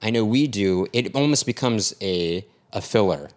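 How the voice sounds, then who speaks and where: A young man co-hosting a casual podcast chat, jokey, quick to disagree and cut in. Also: fairly low pitch, expressive. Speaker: podcast co-host.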